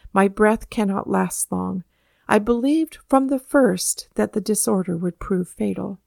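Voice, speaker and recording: A woman reading as a calm, dying old general. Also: mid-range voice, measured pace, vocal fry, dry recording, clean studio sound. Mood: resigned. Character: dying elderly man, calm and resigned.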